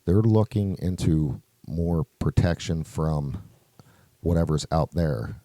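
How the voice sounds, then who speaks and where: A man's voice: a bass voice, expressive, slow, dark tone, dry recording. A man co-hosting a podcast, rambling loosely in casual chat and swearing often. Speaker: podcast co-host.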